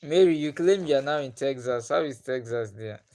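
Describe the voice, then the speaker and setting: A man's voice: medium pitch, lively intonation, moderate pace, darkish tone. A young Nigerian man with a Nigerian accent, casually chatting with viewers on his live stream, greeting them by name and laughing often. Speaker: livestream host.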